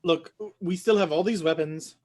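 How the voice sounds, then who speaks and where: A performer voicing a fussy, jittery male butler who gets flustered and loud, in an amateur live play reading. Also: medium pitch, normal speed, natural voice. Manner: flustered, rising into shouts.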